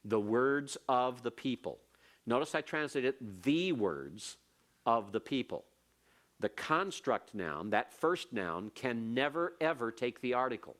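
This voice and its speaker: A man's voice: mid-range voice, big pitch swings, unhurried, fairly bright tone. Guy giving a grammar lecture, patient, repeats stuff, mid voice. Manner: patient, explains step by step with repetition. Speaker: Hebrew grammar teacher. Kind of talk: classroom lecture.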